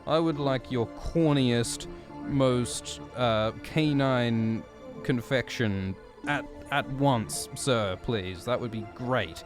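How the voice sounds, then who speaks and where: A man's voice: medium pitch, takes it slowly, close to an everyday voice. A man voicing an eager carnival-goer who talks in a chirpy, mock-formal way, with music behind him. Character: eager male carnival-goer, overly polite. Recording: music playing underneath.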